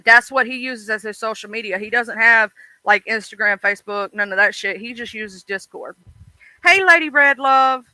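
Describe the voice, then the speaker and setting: A woman's voice: a little high, moderate pace, pushed and bright, no room sound, rough recording. A woman hosting a casual livestream, chatting bluntly about online drama and swearing freely. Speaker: livestream host.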